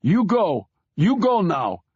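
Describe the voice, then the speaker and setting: A male narrator puts on a desperate mother who shrieks high and thin, her voice swooping wildly. She sounds husky and slow, a raw protective scream in an audiobook thriller. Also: very animated, no echo, highs cut off, exaggerated voice. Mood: furious. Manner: shrieking, pleading. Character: frantic middle-aged mother, screaming protectively.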